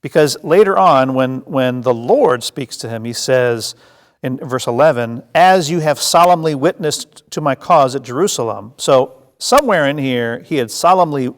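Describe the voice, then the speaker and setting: A man with a mid-pitched, gravelly voice leads a Bible teaching for a congregation. He tells the story in a lively way, acting out the scenes and stumbling through fillers and restarts. His voice rings out with the long reverb of a hall. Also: normal speed.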